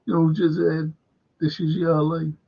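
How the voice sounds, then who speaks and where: A man's voice: fairly high pitch, level tone, unhurried, creaky, slightly rough. An older man with a Liverpool accent, chatting casually as a show host and rambling through sweary anecdotes. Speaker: podcast host. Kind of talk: casual chat. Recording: dull lo-fi recording.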